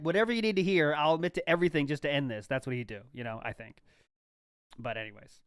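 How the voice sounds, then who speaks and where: Playful podcast host, dry mic. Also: male voice, a little high, fast talker, smooth, dry recording. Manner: laughs often, playful. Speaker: podcast host reading listener messages. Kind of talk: casual chat.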